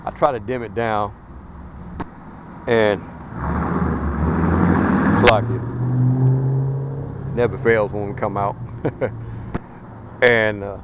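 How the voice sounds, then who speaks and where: A man's voice: mid-range voice, noisy background. A man preaching a fiery street sermon outdoors, blunt, colloquial and emphatic as he warns his listeners.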